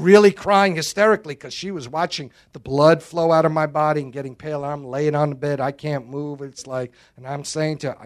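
A man preaching a sermon in a slightly high voice. His delivery is emphatic and dramatic. He breaks it up with joking asides. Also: normal speed, hardly any pauses.

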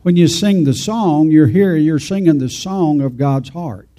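A man's voice: a little high, unhurried, warm tone. A man preaching an informal, folksy sermon, rambling and talking straight to his congregation.

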